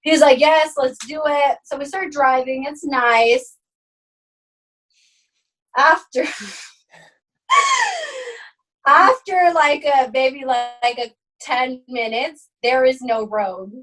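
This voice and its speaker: A young woman telling a story to her friends, fairly high-pitched and recorded a little away from the mic. She swears freely and acts out what everyone said, jumping way up in pitch at the wild moments. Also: takes it slowly, long pauses, recorded from a distance, low-quality recording. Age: young adult. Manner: animated, swearing, acts out quotes with big pitch jumps. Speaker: podcast co-host. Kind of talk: casual storytelling chat.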